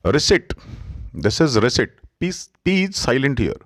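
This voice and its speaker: A man with an Indian English accent teaching pronunciation, slowly repeating each word as a drill. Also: medium pitch, big pitch swings, fairly bright tone. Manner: slow, instructive, repeats words for drill. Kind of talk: pronunciation lesson.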